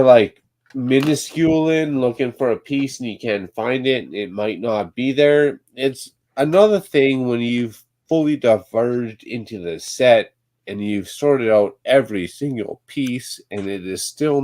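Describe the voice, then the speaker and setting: A man's voice: mid-range voice, lively intonation, measured pace, darkish tone, no echo. A man live-streaming as he builds, talking to himself in an exasperated, grumbling way. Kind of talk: casual live-stream chatter while building.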